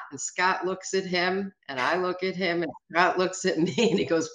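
A woman's voice: fairly low pitch, moderate pace, poor audio. A woman in her seventies, a guest telling stories in a brash, joking way. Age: 70s. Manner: brash, joking, animated storyteller. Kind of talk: casual storytelling.

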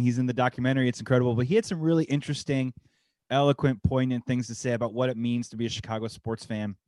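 A man's voice: medium pitch, darkish tone, no room sound. A man hosting a podcast, enthusiastically interviewing a guest in a casual conversation. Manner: enthusiastic, effusive praise. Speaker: podcast host.

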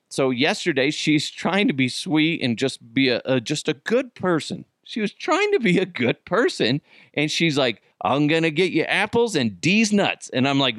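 A man's voice: medium pitch, fairly bright tone, dry recording, clean studio sound. A middle-aged man hosting a podcast, telling casual stories with swearing and laughter and acting out the voices of the people in them. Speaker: podcast host. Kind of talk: casual storytelling monologue.

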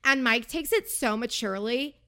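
A woman's voice: fairly high pitch, moderate pace, bright, forceful tone, clear, resonant tone. A woman chatting casually as she recaps a reality show, gossipy, with sarcastic asides.

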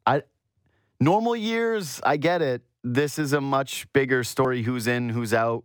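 A sports radio host talks a little slowly in a clean tone, recorded dry with studio quality. He's casual and animated, rambling through his thoughts and mimicking quotes in a higher voice.

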